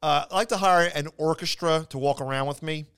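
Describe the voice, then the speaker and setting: A man with a Philadelphia accent and a smooth, clear voice, pitched a little high. He chats casually, rambling through comic anecdotes and restarting his sentences. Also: fairly quick, a bit bright. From Philadelphia area. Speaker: podcast host. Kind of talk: casual comedic chat.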